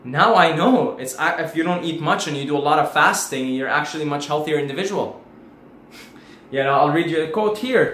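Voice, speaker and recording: Animated man in an echoey room. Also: on the high side, brisk. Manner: animated storyteller acting out his own panic. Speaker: spiritual video host. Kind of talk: casual spoken monologue. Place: at home. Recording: echoey room, faint background hiss.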